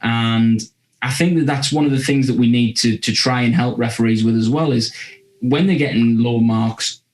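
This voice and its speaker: Measured man reasoning on a roomy podcast. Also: medium pitch, steady tone, darkish tone. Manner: measured, reasoning through points. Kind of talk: casual podcast chat. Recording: roomy echo.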